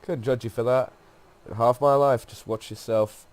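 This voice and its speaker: A man with a cold gives a plain reading of game dialogue for a tough, restless female guide, raising his voice and sounding a bit nasal. His mid-range voice is pushed up yet close to everyday, steady in tone and moderate in pace.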